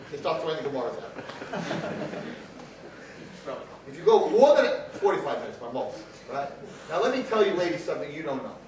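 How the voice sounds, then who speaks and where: A middle-aged man lecturing as a rabbi at a live event, swinging from quiet asides to shouting as he acts out arguing voices. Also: a little high. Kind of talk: animated live talk. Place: large hall at a live event. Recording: distant, echoey hall recording with faint noise.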